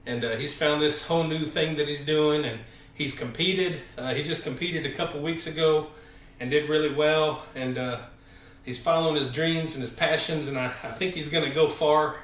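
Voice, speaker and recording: A slightly high-voiced Southern man in his forties talks loosely between lifts, filling pauses with "uh" and catching his breath. He sits well back from the microphone. The sound bounces around an echoey home gym. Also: fairly even intonation. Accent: Southern American. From American South. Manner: rambling, filler-heavy, friendly shout-outs. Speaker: fitness channel host. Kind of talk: casual live-stream chat between workout sets. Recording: echoey room, voice far from the mic.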